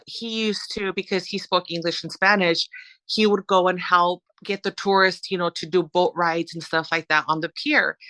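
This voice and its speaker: A woman from Southern California, a podcast guest, telling stories in an animated, rambling way with many fillers. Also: on the low side, no room sound. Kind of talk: conversational storytelling.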